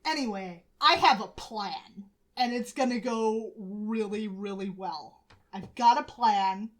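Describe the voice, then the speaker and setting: A woman co-hosting a podcast, recapping comics in lively casual banter, swearing and acting out characters' lines. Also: medium pitch, slow. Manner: lively storytelling, swears, acts out quotes. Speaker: podcast co-host.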